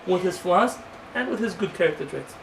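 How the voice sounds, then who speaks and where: Male rabbi, brisk lecture delivery, caught from a distant mic in an echoey room with faint noise. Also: high voice, vocal fry. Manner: tells stories with acted dialogue, animated; reads Hebrew quickly, then translates it. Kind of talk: sermon-style lecture.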